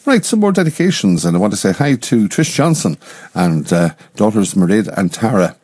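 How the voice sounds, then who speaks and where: A radio presenter with a very deep, dark and husky voice reads out dedications in an unhurried, easygoing way, pausing for an "uh" here and there. His pitch moves about a lot, and the sound is dry and close. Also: very animated, no room sound.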